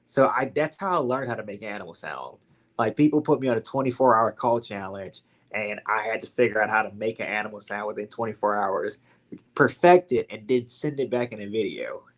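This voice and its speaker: Talking a little fast in a lowish voice with lively intonation, a young guy from Louisiana shares his story on a podcast. His Southern accent comes through, and his relaxed, animated telling is loaded with "like" and "man."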